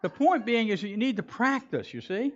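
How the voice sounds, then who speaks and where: A man's voice: high-pitched, fairly quick. Brief: male pastor, conversational and playful sermon delivery, muffled church recording. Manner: animated, joking, conversational preaching.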